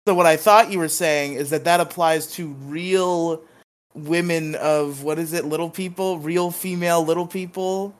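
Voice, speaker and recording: A man's voice: on the high side, steady tone, moderate pace. A man co-hosting a casual podcast, teasing his partner dryly and recapping a show episode. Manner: dry teasing, laughs often. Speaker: podcast co-host.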